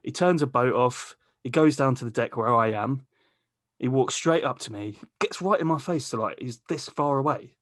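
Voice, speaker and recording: A man's voice: mid-range voice, normal speed, a bit bright, no echo, studio quality. A man hosting a podcast, telling a long rambling story in casual chat, swearing freely and laughing mid-sentence. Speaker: podcast host.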